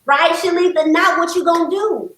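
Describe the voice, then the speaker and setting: Lively woman counselor in an echoey room. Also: very high voice, moderate pace. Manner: lively, calls the host "girl", speaks with emphasis. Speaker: licensed counselor, podcast guest. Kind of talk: casual conversational storytelling. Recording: roomy echo.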